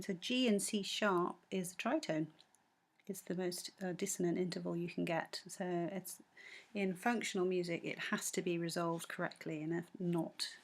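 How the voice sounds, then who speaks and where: A woman with a lowish voice teaches a music lesson, patiently going through a score bar by bar. She says "um" often, corrects herself, and sometimes sings short bits of the melody.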